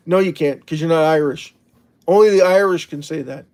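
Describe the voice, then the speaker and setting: A man's voice: fairly high pitch, fairly quick, darkish tone. A man hosting a casual livestream, rambling and chatty as he reads out the chat. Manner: rambling, chatty, with frequent restarts and laughs. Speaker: livestream host.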